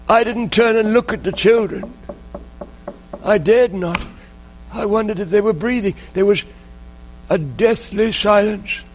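A man preaching a sermon, telling a story in an earnest, emotional way with dramatic pauses. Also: high voice, low-quality recording.

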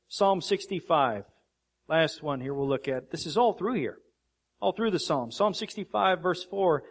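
Male pastor, slightly higher voice, slow deliberate scripture reading in a sermon. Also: lively intonation. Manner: earnest preaching, reads scripture aloud with slow emphasis.

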